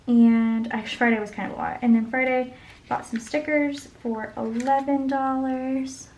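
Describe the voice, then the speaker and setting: A woman's voice: high-pitched, flat delivery, moderate pace, a little mellow, rough recording. A woman chatting casually as she goes over her budget, thinking aloud and murmuring sums under her breath. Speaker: budget vlogger. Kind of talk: casual talk while planning.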